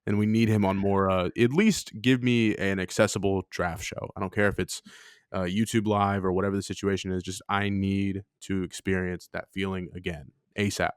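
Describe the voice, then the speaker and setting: A man co-hosting a casual sports podcast in a low, smooth and resonant voice. He rambles playfully, filling his talk with "uh"s. The recording is very dry and close on the mic. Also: little pitch movement, moderate pace, no echo. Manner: rambling, lots of "uh" fillers, playful. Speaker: podcast co-host.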